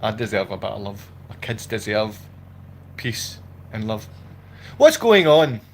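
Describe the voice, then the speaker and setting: A man's voice: fairly low pitch, little pitch movement, unhurried, a bit bright. A man at home, speaking in an impassioned, agitated livestream monologue and repeating himself as he rants. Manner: agitated, repetitive, ranting. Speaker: vlogger. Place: at home indoors.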